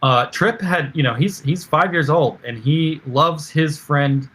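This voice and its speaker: Halting, chatty male film director. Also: a little high, a bit bright, slightly rough. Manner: halting, filler-heavy anecdotal storytelling. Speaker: film director, podcast guest. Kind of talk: casual interview chat.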